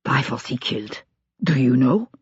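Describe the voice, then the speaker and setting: Performed by an audiobook reader, a proud male army colonel speaks with strain and stiff formality, always on the defensive. The voice has a slightly breathy edge. The recording is dry and lo-fi. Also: mid-range voice, very animated, moderate pace, no room sound, voice pushed down.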